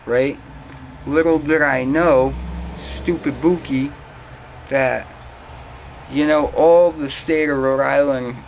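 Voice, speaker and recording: Young man, profane rambling rant, mid-pitch, faint hiss behind. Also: low-quality recording. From New England. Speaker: vlogger. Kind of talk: ranting monologue to camera.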